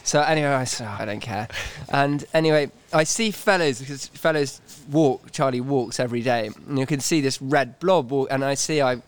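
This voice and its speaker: Man, racehorse trainer, casual storytelling, stammering restarts, smooth clear voice. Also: mid-range voice, fairly quick, few pauses, dry recording. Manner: animated storyteller, stammering restarts, laughing through anecdotes. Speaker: racehorse trainer and podcast co-host.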